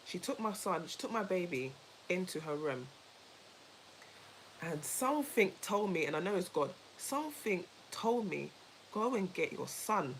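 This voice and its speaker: A woman co-hosting a casual chat, telling a story in an animated, emphatic way, repeating herself and laughing easily. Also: fairly low pitch, unhurried, a little hiss or hum, poor audio. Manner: laughs easily while talking. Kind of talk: casual chat with a co-host and viewers.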